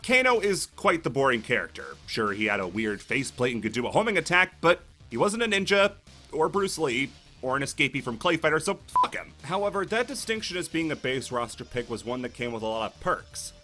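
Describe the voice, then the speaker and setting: A man's voice: medium pitch, sing-song, brisk, sharp tone, faint music behind. A man hosting a comedic video essay, narrating with sarcastic, jokey asides.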